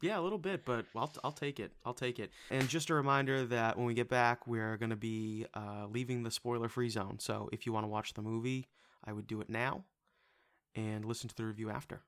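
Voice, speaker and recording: A man's voice: medium pitch, steady tone, brisk, fairly bright tone. A man co-hosting a casual movie review podcast, enthusiastic and swearing freely. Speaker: podcast co-host.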